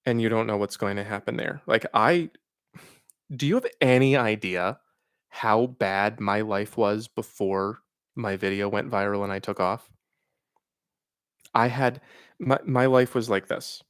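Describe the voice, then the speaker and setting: Male streamer host, low smooth voice, dry close sound, casual unscripted advice with thoughtful pauses. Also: no echo. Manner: reflective, frank advice with pauses and fillers. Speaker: host answering live chat questions. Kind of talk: casual livestream Q&A.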